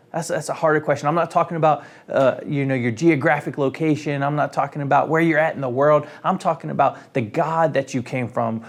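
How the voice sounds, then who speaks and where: A man's voice: a little high, steady tone, brisk, hardly any pauses. A man raised in South Carolina giving a weekly devotional message, earnest and encouraging, building his point through repeated rhetorical questions. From South Carolina, United States. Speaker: Christian motivational speaker.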